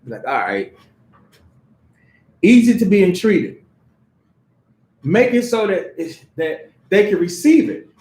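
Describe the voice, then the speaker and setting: High-voiced man preaching in an echoey hall. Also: lively intonation, unhurried, mellow. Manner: conversational, street-casual preaching with acted voices and laughter. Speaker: pastor. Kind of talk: sermon with acted examples. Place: church hall.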